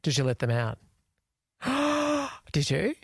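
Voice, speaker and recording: A man's voice: on the high side, wildly swooping pitch, slow pace, a bit bright, slightly rough, no echo. A man, co-hosting a podcast with dry, teasing banter in casual chat. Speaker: podcast co-host.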